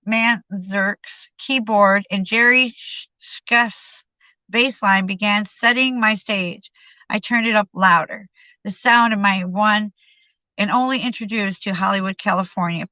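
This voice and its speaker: A woman's voice: medium pitch, sharp tone, no room sound. A woman reading a memoir aloud on a live stream, stumbling and restarting over words. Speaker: reader. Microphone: streaming microphone. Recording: dull lo-fi sound.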